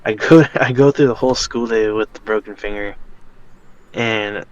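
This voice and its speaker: A man's voice: fairly low pitch, steady tone, moderate pace, highs cut off. A young man co-hosting a podcast, rambling through a casual story with many fillers and restarts. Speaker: podcast co-host. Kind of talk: casual chat.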